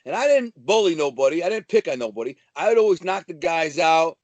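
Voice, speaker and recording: A man from Detroit, a guest telling swaggering, animated stories in casual chat, full of profanity. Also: a little high, brisk, no echo. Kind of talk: casual storytelling.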